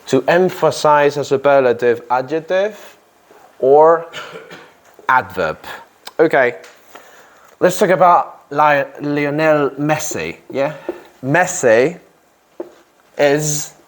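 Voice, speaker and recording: A man's voice: a little high, animated, slow pace, pauses often. A man teaching an English grammar lesson to a class, repeating phrases and checking in with "yeah?" after nearly every point.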